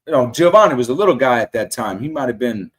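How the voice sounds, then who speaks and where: A middle-aged man on a casual podcast, telling fan stories and acting out quotes in an animated way. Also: medium pitch, fast talker. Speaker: guest fan.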